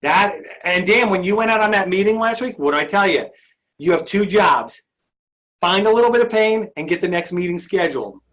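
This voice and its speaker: Lively male sales trainer. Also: high voice, brisk. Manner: upbeat, asks the audience frequent questions. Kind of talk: interactive sales training session.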